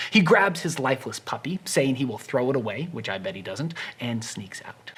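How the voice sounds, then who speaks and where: A literature explainer giving a casual book summary with wry, chatty asides, dropping to a hushed tone for dark scenes. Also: medium pitch, slightly rough.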